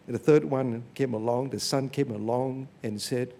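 A man preaching a sermon on a Bible passage, telling stories in an animated way and often checking in with "okay?" and "you see". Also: mid-range voice, normal speed, creaky, hardly any pauses.

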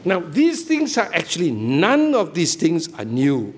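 A man's voice: on the high side, huge pitch swings, unhurried, a little hiss or hum. A middle-aged man preaching a sermon, emphatic and often checking that listeners follow him.

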